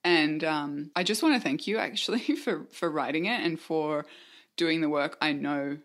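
A woman's voice: low voice, moderate pace. A woman, hosting a casual interview, reflective and affirming toward her guest. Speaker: podcast host.

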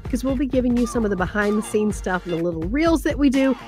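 Lively chatty woman podcast co-host. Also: a little high, quick pace, faint music behind. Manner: animated, acts out quotes, laughs often. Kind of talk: casual chat.

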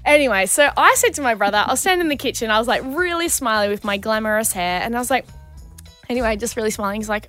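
A woman with an Australian accent co-hosting a radio show, telling stories in an animated, chatty way and acting out the quotes. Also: on the high side, fast, faint music behind. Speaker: radio co-host. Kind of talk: casual radio banter.

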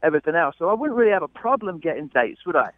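A man's voice: fairly high pitch, big pitch swings, rapid-fire. A man with a London accent, calling in to a radio show and insisting he is genuine, exasperated and defensive. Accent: London English. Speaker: caller. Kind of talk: phone call on a radio show. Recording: muffled phone line with faint noise.

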